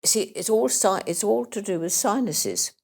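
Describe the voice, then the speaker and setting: A woman's voice: medium pitch, lively intonation, normal speed, vocal fry, a little mellow. An older woman guest, emotional and close to tears, telling life stories and acting out the voices of people she quotes. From England. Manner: anecdotal, acts out quoted voices. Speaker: interview guest. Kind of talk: emotional life-story chat.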